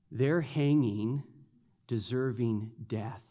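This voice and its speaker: A man preaching a sermon, animated, acting out the taunts of the mockers in a mocking voice. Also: medium pitch, unhurried. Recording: long hall reverb.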